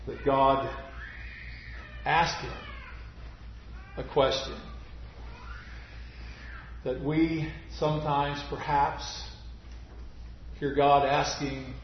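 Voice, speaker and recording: Slow, echoey preaching man. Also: mid-range voice, slight background noise. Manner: slow, deliberate preaching, dropping to near-whisper on key phrases. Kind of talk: sermon. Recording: muffled, very echoey church recording.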